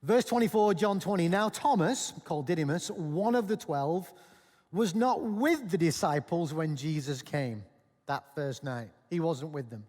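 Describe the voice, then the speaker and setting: A male pastor preaching a sermon, animated and storytelling, acting out the people in the passage, in a church auditorium. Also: on the high side, a little slow. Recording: long church-hall reverb.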